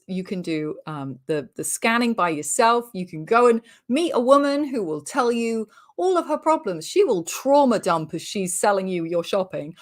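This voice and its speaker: A British woman comedian in her forties, telling a sweary, animated anecdote in casual chat over a remote call. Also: mid-range voice. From Britain. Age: 40s. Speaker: comedian guest.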